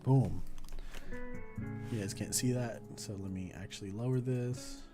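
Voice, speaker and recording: A man's voice: medium pitch, unhurried. A man in his twenties chatting casually with viewers while journaling, playful and often laughing at himself. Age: 20s. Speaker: journaling video host. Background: background music.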